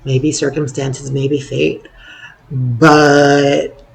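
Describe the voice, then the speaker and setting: A hoarse young man rambling through a personal story in a wry, self-deprecating way. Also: medium pitch, level tone, extremely slow. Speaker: vlogger.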